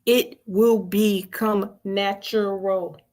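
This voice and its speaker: A woman's voice: mid-range voice, steady tone, extremely slow, a little mellow. A woman hosting a weekly spiritual vigil on a live stream, talking informally and earnestly, repeating phrases and coaxing listeners to answer. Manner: colloquial and earnest.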